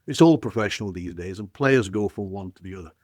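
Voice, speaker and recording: An older man with a Northern English accent talks casually on a podcast and tells his stories at a relaxed ramble. His voice sits on the low side and often fades quietly as he restarts a thought. The recording is close and dry. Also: fast, no echo. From Wigan, England. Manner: chatty storyteller, trailing off quietly, frequent restarts. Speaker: guest brewing scientist.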